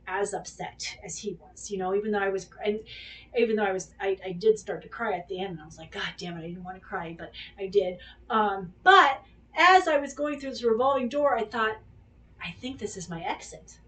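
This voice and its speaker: A woman's voice: medium pitch, expressive, a little fast, fairly bright tone, distant mic. A woman hosting a podcast who tells a personal story in casual chat, rambling and candid, swearing freely and acting out what people said. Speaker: podcast host.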